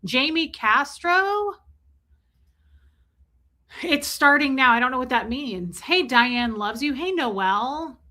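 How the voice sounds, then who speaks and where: A woman chats casually on her livestream, greeting viewers by name and joking between greetings. Her voice is bright and forward. It sits a little on the high side. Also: expressive, takes it slowly, long pauses. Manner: chatty and joking, reading out viewer names. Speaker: livestream host.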